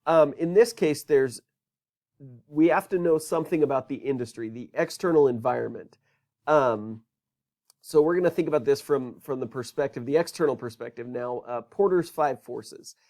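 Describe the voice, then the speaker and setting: A man's voice: mid-range voice, normal speed, a little mellow. Conversational male business lecturer. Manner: conversational, frequent ums and rhetorical questions. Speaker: business course instructor. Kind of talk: recorded lecture.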